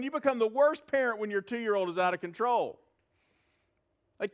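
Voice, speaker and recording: A middle-aged man, preaching a sermon in a church to a live audience, animated and humorous, asking the crowd questions. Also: very high-pitched, normal speed. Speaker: pastor.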